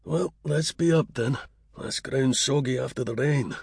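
A man voicing a patient, kindly older man in an audiobook, with a gravelly, coaxing manner. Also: mid-range voice, unhurried, no echo, clean studio sound, pitched above the performer's own voice, heavily acted.

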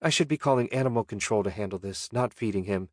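A man voicing a calm, kind young woman in an audiobook, speaking gently. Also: fairly low pitch, quick pace, dry recording, studio quality, lightly acted. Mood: gentle.

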